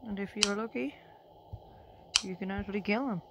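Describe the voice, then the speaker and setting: A woman giving casual commentary while playing a game on her phone, chatty and reacting out loud, sometimes dropping into a whisper. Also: medium pitch, normal speed. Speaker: gameplay commentator. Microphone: phone screen recording. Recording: phone recording with loud background noise.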